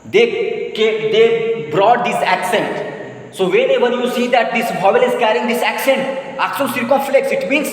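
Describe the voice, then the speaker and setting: Guy teaching french, says words over and over, asks questions, lots of hall reverb. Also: very high-pitched. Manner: repeats words slowly, asks students questions. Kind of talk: classroom lesson.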